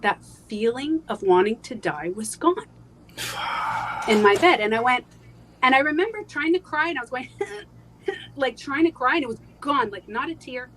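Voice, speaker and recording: Woman guest telling her life story on a live show, lots of ums and restarts, goes quiet on the hard bits. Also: high voice, animated, a little hiss or hum, low-quality recording. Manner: halting, with frequent fillers and restarts. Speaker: interview guest. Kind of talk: personal storytelling in a live interview.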